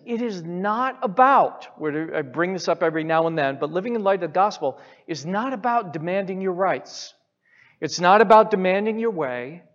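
A male pastor delivers a sermon in a high, slow, deliberate voice, hammering home his points by repeating them. His voice rings with a long hall reverb and comes through a dull, lo-fi recording. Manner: emphatic, repeats key phrases.

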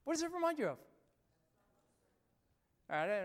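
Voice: medium pitch, sing-song, normal speed, long pauses. A pastor preaching a sermon, speaking emphatically and addressing the congregation directly, with lots of repetition. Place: church sanctuary. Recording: long reverb of a large church hall.

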